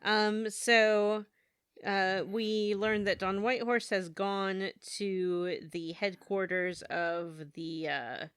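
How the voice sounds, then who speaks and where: Slow-talking woman recapping a game. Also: medium pitch, fairly even intonation, a bit bright, clean tone, no echo. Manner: halting, many fillers. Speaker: podcast co-host. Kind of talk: casual chat recapping a video game.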